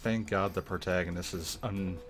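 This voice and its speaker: A man's voice: deep voice, steady tone, moderate pace, over music. A male streamer giving casual, rambling, self-deprecating commentary while playing a game.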